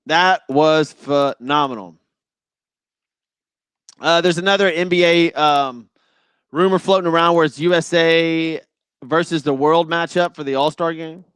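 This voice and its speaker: Man, sports talk host, casual opinionated monologue, fairly high voice, exasperated, dry recording. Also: steady tone, normal speed, fairly bright tone, clear, resonant tone, no room sound.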